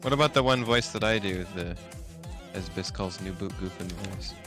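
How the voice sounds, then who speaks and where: A young woman co-hosting a game stream, chatting in a relaxed, playful way and laughing often. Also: a bass voice, normal speed, faint music behind. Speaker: co-host. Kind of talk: casual chat while gaming.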